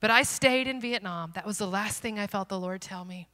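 A woman's voice: medium pitch, fairly quick. Earnest woman preaching in a big hall. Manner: earnest, self-deprecating, swings from loud to hushed. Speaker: missionary speaker. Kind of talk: personal testimony sermon. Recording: long hall reverb.

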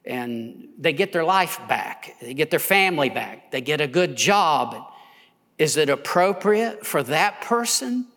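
Male pastor, sermon, high voice, impassioned swells and hushed drops, long hall reverb. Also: sing-song, measured pace. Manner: impassioned, rising to near shouts then dropping low.

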